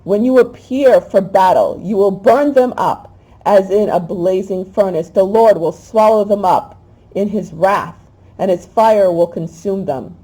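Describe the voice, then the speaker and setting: A woman hosting a spiritual talk, reading a prayer aloud in an emotional, halting way. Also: mid-range voice, warm tone, husky, low-quality recording. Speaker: host.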